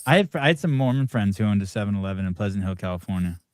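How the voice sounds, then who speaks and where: A man hosting a casual podcast, relaxed and bemused as he steers the talk. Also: lowish voice, racing, clear, resonant tone, dry recording, clean studio sound. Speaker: podcast host. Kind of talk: casual chat.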